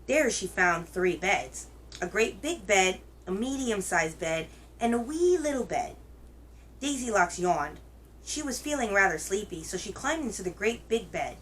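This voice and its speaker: A woman hosting a children's reading show, telling a picture book aloud in a gentle, expressive way. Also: mid-range voice, measured pace, a little hiss or hum, rough recording. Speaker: children's story reader, host.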